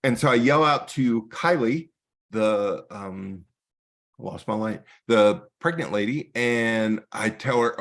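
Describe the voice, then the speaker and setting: Speaking a little slowly in a mid-range voice with a fairly bright tone, a guest photographer delivers a relaxed talk. His stories come with acted-out dialogue.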